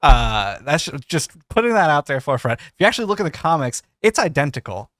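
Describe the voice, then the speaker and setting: A man's voice: a little high, very animated, fast talker, fairly bright tone, no echo. A man co-hosting a podcast in casual chat, rambling and correcting himself mid-sentence. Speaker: podcast co-host.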